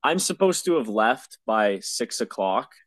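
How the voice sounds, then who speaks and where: A man's voice: medium pitch, sing-song, measured pace, a bit bright, no room sound. A young man telling a story in casual chat, exasperated and swearing often, with rambling restarts.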